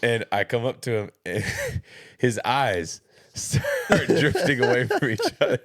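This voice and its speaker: A man's voice: mid-range voice, huge pitch swings, measured pace, fairly bright tone. A man telling stories from police work as a podcast guest, laughing often. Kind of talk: casual storytelling.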